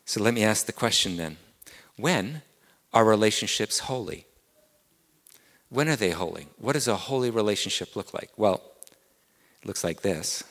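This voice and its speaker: A man's voice: lowish voice, a bit bright, big-room sound. A man with an English accent preaching a sermon as pastor, earnest and repeating key words, climbing to emphatic peaks.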